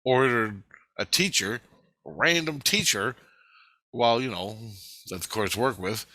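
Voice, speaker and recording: A man's voice: mid-range voice, animated, unhurried, bright, forceful tone, no echo. A middle-aged man in an agitated, rambling vlog monologue, swearing heavily.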